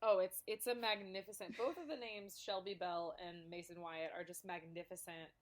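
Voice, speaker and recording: A woman's voice: fairly low pitch, fairly even intonation, moderate pace. Chatty woman podcast co-host. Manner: chatty, laughing, addresses listeners. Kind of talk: casual film-review chat.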